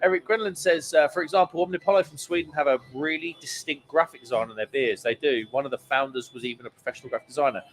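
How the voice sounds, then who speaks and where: A man's voice: fairly high pitch, fast talker, hardly any pauses, rough recording. A man co-hosting a live stream from a pub, reading viewer comments aloud in a playful, jokey way. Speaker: quiz host and co-host. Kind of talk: casual live stream chat. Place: pub taproom.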